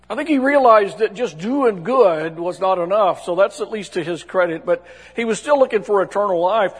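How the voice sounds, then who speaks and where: A man's voice: sits high, expressive, moderate pace, few pauses, husky. A man preaching a sermon in a folksy, conversational way, often restarting his sentences, in a church hall. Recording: long hall reverb.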